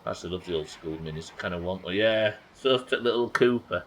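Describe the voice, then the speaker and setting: Bright-voiced British man streaming a game. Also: low voice, quick pace, slight background noise. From United Kingdom. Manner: rambling, swears a lot, chats with viewers. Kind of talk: live game commentary.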